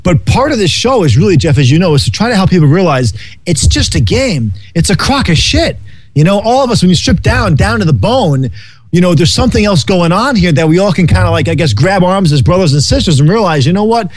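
A man's voice: sits high, sing-song, brisk, dry recording. A man casually riffing on life and happiness, rambling and swearing freely, laughing often. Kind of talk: casual philosophical chat.

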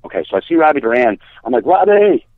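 A man telling a long story in casual podcast talk, animated, swearing and acting out what people said. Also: medium pitch, very fast. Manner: animated, swearing, acts out quotes. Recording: dry, phone-like narrow sound.

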